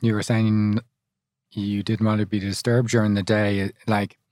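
A man's voice: lowish voice, level tone, measured pace, a little mellow, no room sound, studio quality. A man hosting an interview, asking hesitant questions and murmuring brief agreement. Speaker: podcast host.

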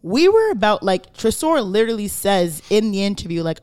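Very animated and fairly quick with few pauses, this Canadian podcast host has a medium-pitched, slightly mellow, smooth voice. She chats casually, emphatically explaining her point and repeatedly asking "right?"

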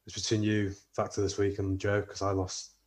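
A man with a fairly low voice hosting a casual podcast. He moves things along briskly and teases his guest as he runs a game segment. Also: monotone. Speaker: podcast host.

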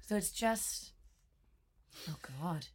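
A woman guest in casual chat, animated, jumping in with quick interjections and laughs. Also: medium pitch. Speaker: band member, guest.

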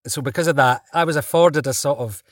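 A man, an actor guest, telling stories in a relaxed interview, chatty and quick to laugh. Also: on the high side, no echo, studio quality. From Britain. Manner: chatty, laughs often, restarts mid-sentence.

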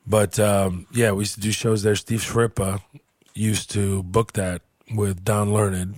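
A man's voice: on the low side, a little slow, no room sound. Profane storytelling man on a dry close mic. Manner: profane, animated anecdote-telling with put-on quoted voices. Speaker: podcast host and comedian. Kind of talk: casual podcast storytelling.

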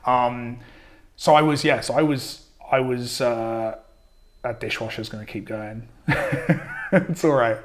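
A man's voice: medium pitch, steady tone, unhurried. A man with a mildly posh southern English accent, a guest in a casual podcast conversation, talking in a self-deprecating way with many restarts. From southern England. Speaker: game writer, guest.

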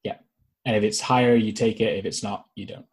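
A man narrating a tabletop game as dungeon master over a video call, with a casual, halting delivery full of fillers. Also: lowish voice, fairly even intonation, husky.

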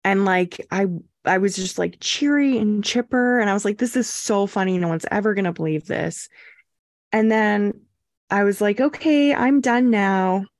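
A young woman co-hosting a podcast, telling a story in a casual, animated way and acting out quotes. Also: medium pitch, moderate pace, dry recording, clean studio sound. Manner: animated, acts out quotes with swearing and laughs. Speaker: podcast co-host.

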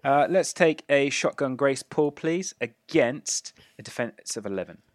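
A man's voice: medium pitch, lively intonation, a little slow, no echo. A man narrating as game master of a tabletop game, describing gory action with relish and lots of fillers. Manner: gleeful, gory narration with frequent fillers and laughs.

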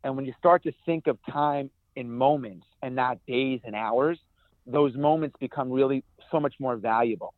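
A man, a guest in an interview, telling stories in an energetic way with many restarts. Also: mid-range voice, moderate pace, no echo. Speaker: guest, ultrarunner. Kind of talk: conversational interview. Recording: tinny phone-like dry sound.

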